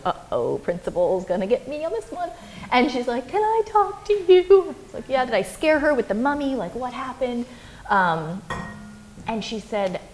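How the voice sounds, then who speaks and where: This young woman talks in a casual interview, slightly low-pitched for a woman, bouncing through stories and putting on quick voices for quotes. A faint hum of room ambience sits behind her. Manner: animated storyteller, acts out quotes. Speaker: interview guest, adventurer and filmmaker.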